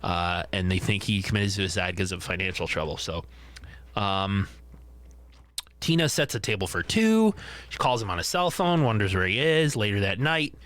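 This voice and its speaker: A man chats casually on a movie podcast, walking through the plot scene by scene. His pitch rises and falls widely as he acts out bits of dialogue with real energy. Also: normal speed. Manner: animated retelling that acts out quotes. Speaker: podcast co-host.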